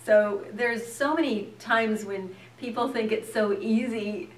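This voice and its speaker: A woman actress telling lively anecdotes in a casual interview, laughing often. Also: fairly high pitch, slow pace, roomy sound, recorded from a distance, a little hiss or hum. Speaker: actress, guest.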